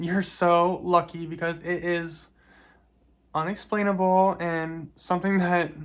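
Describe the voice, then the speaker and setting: Flat-voiced woman vlogging softly. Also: on the low side. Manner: soft and reflective, with frequent small laughs. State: grieving. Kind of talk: personal vlog talk.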